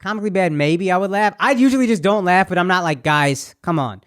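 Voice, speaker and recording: A man co-hosting a comedy podcast, tossing out deadpan provocative jokes in casual banter. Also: high-pitched, fast talker, clear, resonant tone. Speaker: podcast co-host.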